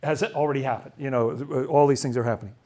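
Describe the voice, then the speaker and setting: A man's voice: mid-range voice, steady tone, fast talker, dark tone. A man leading a casual Bible study, talking through a passage and asking lots of questions, with frequent restarts. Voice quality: asks lots of questions, chatty, stumbles and restarts.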